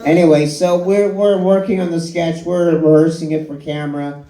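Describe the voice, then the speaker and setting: A man doing a stand-up comedy set, telling a story in an animated way and swearing freely. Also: a little high, normal speed. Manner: animated storytelling, swearing, crowd laughing along. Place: live comedy show at a bar and grill. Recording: echoey bar room with a loud crowd. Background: audience laughing.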